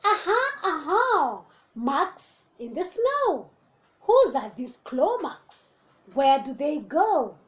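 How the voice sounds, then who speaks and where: A woman's voice: very high-pitched, takes it slowly, hardly any pauses, voice pushed up, heavily acted. A woman voicing a small, brave, curious female monster child in a storybook. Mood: excited. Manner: excited questioning.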